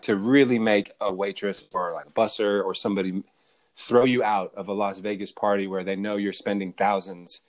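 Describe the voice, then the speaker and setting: Lively, joking podcast host man. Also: on the low side, no room sound, studio quality. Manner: loose and joking, swears casually. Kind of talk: casual interview chat.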